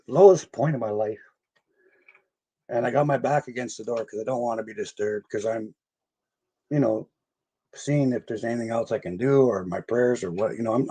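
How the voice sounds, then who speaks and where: An older man who investigates the paranormal tells personal stories in a casual storytelling interview, rambling, laughing often and acting out other people's voices. His voice is medium in pitch, darkish and husky.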